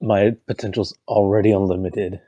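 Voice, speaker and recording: A man's voice: on the low side, steady tone, moderate pace, mellow, breathy edge, no echo. A man playing a tabletop game, talking brashly, crude and cocky. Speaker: player.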